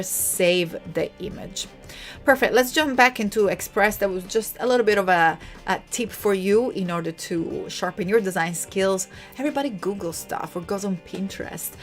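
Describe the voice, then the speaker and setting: A young woman with an Italian accent, hosting a casual live design tutorial and chatting with viewers. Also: medium pitch. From Italy. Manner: chatty, lively, talks to viewers in chat. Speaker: livestream host.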